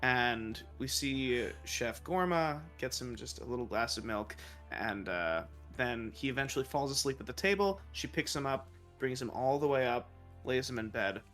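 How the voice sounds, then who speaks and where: A man's voice: mid-range voice, lively intonation, normal speed, a bit bright, soft background music. A man running a tabletop game as dungeon master, narrating with frequent laughs and fillers. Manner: laughing often, with fillers and restarts.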